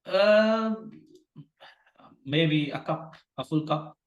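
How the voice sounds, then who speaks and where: A man's voice: on the high side, lively intonation, very slow, dull audio. A man role-playing an adult male patient who is agitated and keeps insisting that he go home.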